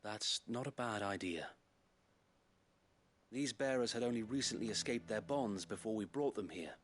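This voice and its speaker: An actor voicing a courteous, thoughtful middle-aged noble knight who speaks formally, with measured speech and a wry touch, in video game dialogue. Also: male voice, fairly low pitch, lightly acted.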